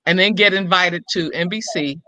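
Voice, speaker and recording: Forceful older woman, vivid storyteller. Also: fairly low pitch, moderate pace, poor audio. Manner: acts out quoted dialogue with lively shifts in voice. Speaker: comedian and impressionist, guest. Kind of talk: animated storytelling in an interview.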